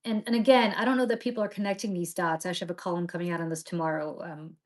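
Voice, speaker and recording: A woman's voice: on the low side, fairly even intonation, rapid-fire, darkish tone. A middle-aged woman hosting a political talk show, talking with passion and indignation and often restarting her sentences. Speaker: podcast host.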